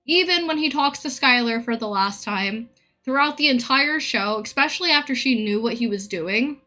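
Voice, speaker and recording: A woman's voice: fairly high pitch, animated, moderate pace, pushed and bright. A woman streamer in a casual live-stream rant, blunt, profane and opinionated.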